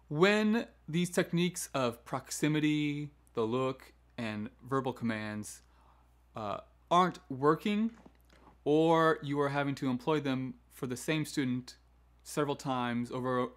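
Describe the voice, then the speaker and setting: Man teaching classroom management. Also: mid-range voice. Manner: demonstrates teacher commands in a firm, downward-inflected voice; conversational, with frequent "right?" asides and restarts. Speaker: choral music education host. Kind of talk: instructional talk on classroom management.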